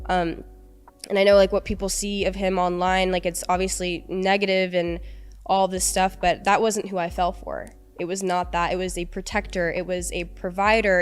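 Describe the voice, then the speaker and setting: As an interview guest on a podcast, a young woman rambles through an emotional personal story, filling it with "like." Her voice sits fairly low and sounds clean.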